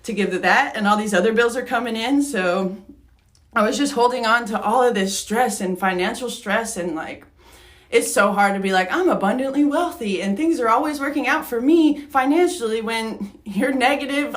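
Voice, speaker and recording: A woman's voice: fairly high pitch, a bit bright. A young woman co-hosting a podcast, candidly telling a personal story, getting emotional and laughing through it. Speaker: podcast co-host.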